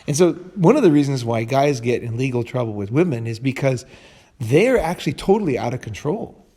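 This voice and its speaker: A man's voice: medium pitch, animated, brisk, dark tone, slightly rough. A man hosting a casual podcast chat, talking bluntly and rambling, often restarting his sentences and swearing. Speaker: host.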